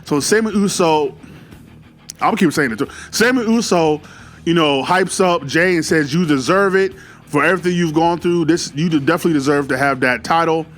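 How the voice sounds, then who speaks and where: A man giving a casual, excitable solo review, full of fillers and slang. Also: fairly high pitch, a little fast, soft background music. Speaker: wrestling commentary YouTuber.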